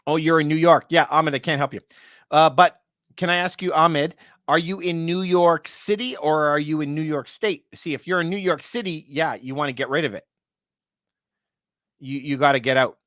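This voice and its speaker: Chatty broker man, slightly high voice. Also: a bit bright, no echo, clean studio sound. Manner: chatty, addresses viewers by name, quick asides. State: losing his voice. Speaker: real estate broker. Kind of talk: casual livestream chat answering viewer questions.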